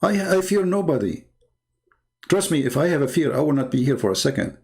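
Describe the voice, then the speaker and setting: A man's voice: very animated, a little fast, creaky, darkish tone. A man speaking as a Christian public speaker in an interview, earnest and emphatic, in non-native English phrasing. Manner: acts out quoted people with big pitch jumps. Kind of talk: interview talk.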